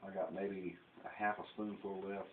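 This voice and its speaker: A man's voice: low-pitched, level tone, moderate pace, a little hiss or hum. Folksy Southern man in a tinny, echoey kitchen. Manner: folksy, rambling, jokey. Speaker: home cooking vlogger. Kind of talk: casual kitchen demonstration. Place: home kitchen. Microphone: camera mic.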